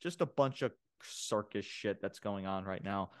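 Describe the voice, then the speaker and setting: A man co-hosting a wrestling podcast, recapping the show in casual chat, excitable and full of fillers and laughs. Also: fairly low pitch, unhurried, smooth. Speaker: podcast co-host reviewing wrestling.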